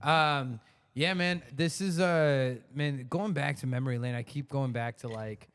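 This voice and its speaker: A young man hosting a podcast, telling animated stories in casual slang. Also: medium pitch, measured pace, clear, resonant tone. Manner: animated storyteller, slangy, drops "dude" and "bro". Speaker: podcast host. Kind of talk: casual chat.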